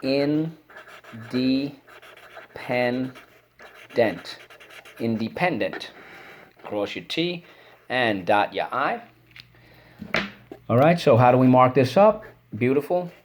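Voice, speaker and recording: A man's voice: mid-range voice, slight background noise. A man teaching a spelling and phonics lesson, encouraging and repeating each word for students to say back.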